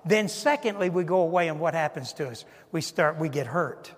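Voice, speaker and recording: A man's voice: fairly high pitch, animated, moderate pace, in a large hall. A male pastor preaching a sermon, stressing his points and asking the congregation rhetorical questions.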